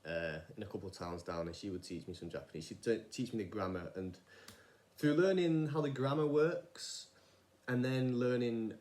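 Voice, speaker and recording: A man's voice: lowish voice, normal speed, darkish tone. A young man talking casually in a podcast-style monologue, rambling and often wandering off track. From England. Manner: rambling, digressive, many restarts and fillers. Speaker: vlogger.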